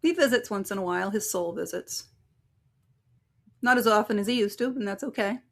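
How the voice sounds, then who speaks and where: Woman medium guest, casual storyteller, mid pitch, chatty anecdotes. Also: brisk, fairly bright tone. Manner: chatty, acts out quoted voices in anecdotes. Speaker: psychic medium and relationship coach, guest.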